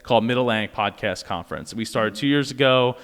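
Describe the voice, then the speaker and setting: A man's voice: mid-range voice, fairly quick, a bit bright, in a large hall. A man, a podcaster, talking as a guest in a casual interview, rambling with lots of fillers and restarts.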